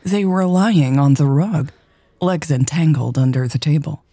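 A woman narrating a romance story in a slow, soft, intimate way, with faint music behind. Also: low voice, no room sound.

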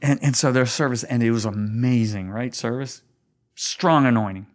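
Earnest middle-aged male pastor. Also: normal speed. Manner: earnest, emphatic, voice climbs high when stirred. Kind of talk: storytelling in a conversation.

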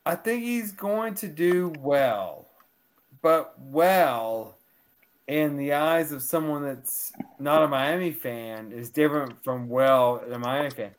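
Fired-up man, slow, argumentative. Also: a little high. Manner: fired up, argumentative, talks over others. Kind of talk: casual sports podcast chat.

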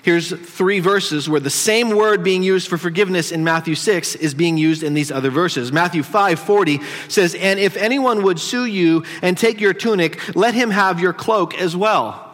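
A man's voice: high-pitched, moderate pace, hardly any pauses, a bit bright, big-room sound. A male pastor preaching a conversational sermon in a church, teasing his congregation as he teaches. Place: church sanctuary.

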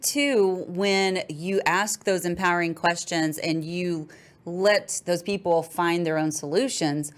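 Woman host of an interview podcast, affirming and guiding the talk, lower-pitched voice. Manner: warmly affirming, steers the conversation.

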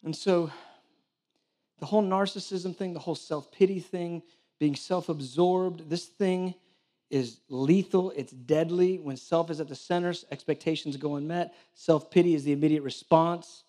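The speaker is a male church director giving a sermon in a slightly high voice at a normal speed. He tells stories with animation, playing out the dialogue, and trades jokes with the people in the pews.

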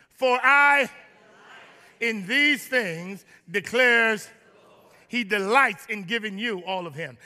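High, bright-voiced preaching man. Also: big-room sound. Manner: preaching to a congregation with humor, rising to shouts. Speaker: pastor. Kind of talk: sermon. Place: large church.

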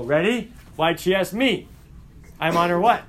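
A middle-aged male teacher lecturing his class in an animated way, often putting questions to the students. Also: sits high, measured pace.

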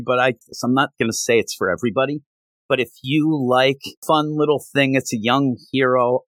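A man hosting a podcast, chatting casually about comic books and retelling scenes with quick voiced quotes. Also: medium pitch, fairly bright tone, dry recording. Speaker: podcast host. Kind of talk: casual comic book review chat.

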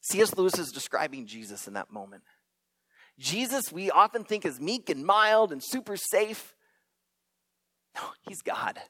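A man preaching a sermon, telling stories dramatically and dropping to hushed near-whispers for emphasis. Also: high voice, very animated, moderate pace. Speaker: pastor.

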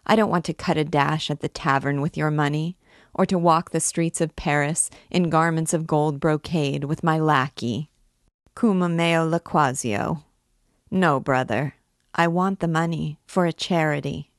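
A woman's voice: deep voice, steady tone, a little slow, no room sound, clean studio sound. A woman reading aloud and voicing a coaxing, impudent young male student. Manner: coaxing, then pleading.

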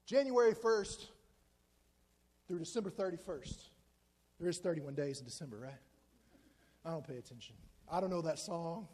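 A man's voice: on the high side, expressive, normal speed, pauses often, a little mellow. A man in his forties preaching a conversational, joking sermon in a church. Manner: conversational, joking, self-deprecating. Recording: long hall reverb.

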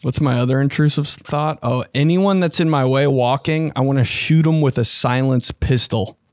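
A young man hosting a casual podcast, talking loosely and profanely and jumping about in pitch. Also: moderate pace, dry recording, clean studio sound. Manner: loose, profane and animated, with sudden jumps in pitch. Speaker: podcast host. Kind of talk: casual solo podcast chat.

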